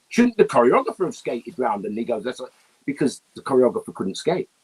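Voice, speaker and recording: A man telling animated anecdotes as an interview guest, often laughing and breaking into song. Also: mid-range voice, moderate pace, breathy edge.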